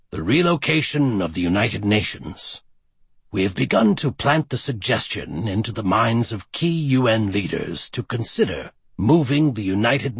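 Picture a smug villain who holds a secret meeting, his voice sinking low and hushed while it still rises and falls with feeling, as a man reads him. The delivery stays slightly husky and completely dry. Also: dry recording, exaggerated voice. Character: scheming male villain leader, calm and smug.

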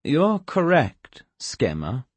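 A man playing a calm, sardonic male villain taking command in an audiobook, with a husky voice and slow delivery. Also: mid-range voice, dry recording, pitched above the performer's own voice, full character voice. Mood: calm menacing. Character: cold, amused male villain seizing command.

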